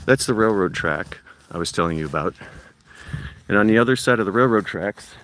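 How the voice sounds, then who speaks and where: A man's voice: fairly low pitch, lively intonation, fairly quick, fairly bright tone, slight background noise. An older man from Ohio, chatting breathlessly on a walking livestream while coaxing his dog along. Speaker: livestream host. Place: outdoors by a rural reservoir.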